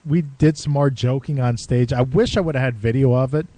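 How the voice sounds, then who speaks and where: A man's voice: medium pitch, a little fast, warm tone, no room sound. A man co-hosting a podcast, telling a long casual story with swearing and quoted lines. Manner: rambling, swears and laughs, acts out quotes. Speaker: podcast co-host.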